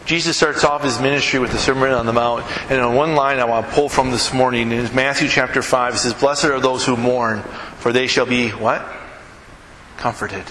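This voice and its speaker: A man's voice: mid-range voice, steady tone, moderate pace. Male pastor, sermon, rhetorical questions, noisy room, roomy echo. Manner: preaching, rhetorical questions, swinging from hushed to raised. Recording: echoey hall with background noise.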